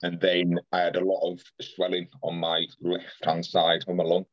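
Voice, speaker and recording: A young man speaks in a very deep, low voice, retelling his story earnestly and in close detail, often restarting and acting out what people said. The sound is dry and close, with a slightly dull, lo-fi quality. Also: monotone, normal speed, no room sound. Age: young adult. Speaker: podcast guest. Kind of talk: personal storytelling in conversation.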